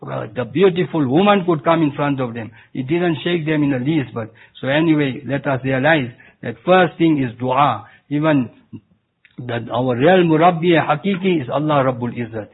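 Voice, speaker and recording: A man giving an Islamic sermon as a Sufi preacher, halting and restarting, with Arabic recitation woven in. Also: medium pitch, slightly rough. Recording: tinny phone-like recording.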